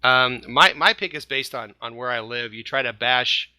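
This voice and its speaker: A man hosting a fan podcast, his voice bright and fairly high, close-miked in a dry room. He talks casually, cracks puns and laughs often. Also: normal speed, no room sound. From Indiana, USA. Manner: jokey, playful, laughs often. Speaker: podcast co-host.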